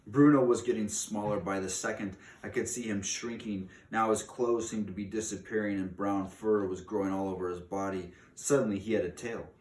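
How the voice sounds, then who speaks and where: A man reads a children's book aloud in a steady, dramatic storytelling manner. His voice sits on the low side. He is recorded from a distance in a roomy space with faint background noise. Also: normal speed, few pauses. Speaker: reader.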